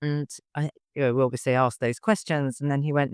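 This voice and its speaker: Smooth-voiced male podcast host. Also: medium pitch, steady tone, fairly quick, hardly any pauses, dry recording, studio quality. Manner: rambling, reflective, many restarts. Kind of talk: conversational interview.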